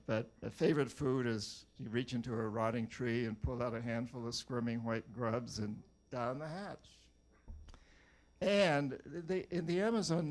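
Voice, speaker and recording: Older male author, from New Hampshire, middle pitch, wry anecdotal storyteller who stumbles and repeats words. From New Hampshire, USA. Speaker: author giving a talk. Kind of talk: storytelling talk to a live audience.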